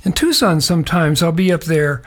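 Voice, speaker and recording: A man's voice: on the high side, lively intonation, moderate pace. Middle-aged guy rambling folksy about nature, chuckles here and there. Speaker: radio show host. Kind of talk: casual spoken nature segment.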